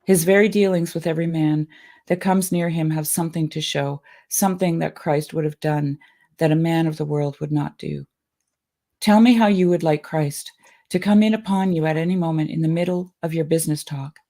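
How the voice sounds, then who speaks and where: A woman's voice: low voice, steady tone, normal speed, mellow. A woman reading an old sermon aloud in an earnest, emotional way, then chatting casually.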